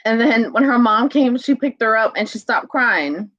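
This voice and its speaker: A woman telling casual home stories, laughing often and switching into a high sing-song voice for a toddler. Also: lively intonation, moderate pace, fairly bright tone, no room sound, dull audio. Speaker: vlogger. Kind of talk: casual chat.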